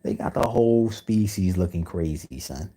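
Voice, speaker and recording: A man's voice: sits low, expressive, moderate pace, dark tone, breathy edge. A man vlogging a rambling, profane conspiracy rant full of street slang.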